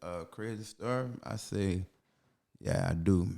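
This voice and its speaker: A man's voice: deep voice, a little slow, gravelly, dark tone. A man with a New Orleans accent, a comedian guest on a podcast, chatting casually in slangy, profane, loose storytelling. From New Orleans, USA.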